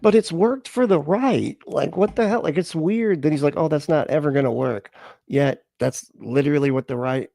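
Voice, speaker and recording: A man's voice: on the high side, normal speed, gravelly, warm tone, no room sound, clean studio sound. A man hosting a reaction channel, rambling in casual commentary with lots of fillers and frequent laughs.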